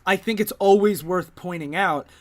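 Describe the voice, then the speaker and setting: A man's voice: high-pitched, moderate pace. A man co-hosting a podcast, making wry, jokey asides in a casual chat about a comic book. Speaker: podcast co-host.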